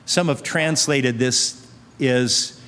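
A male pastor delivers a sermon, earnestly exhorting his listeners with repeated phrases and rhetorical questions. His mid-range voice is smooth and a bit bright, and he speaks very slowly. The long reverb of a large hall surrounds him.

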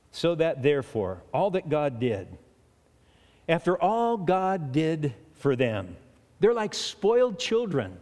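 A man's voice: fairly high pitch, very animated, slow, darkish tone. A man preaching a sermon in a chatty way, often restarting and chuckling between points. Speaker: pastor. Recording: long hall reverb.

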